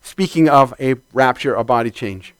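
A man preaching a conversational sermon to his congregation, swinging from loud bursts to quiet asides. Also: mid-range voice, moderate pace, smooth, no echo.

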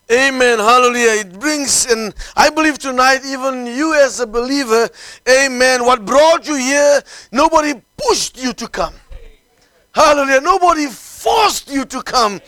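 Guy preaching w a really high bright voice, hallelujah amen every other line, gets loud and fired up, dry close sound. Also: no echo. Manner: punctuates phrases with hallelujah and amen; builds from calm storytelling to fervent shouting. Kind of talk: sermon.

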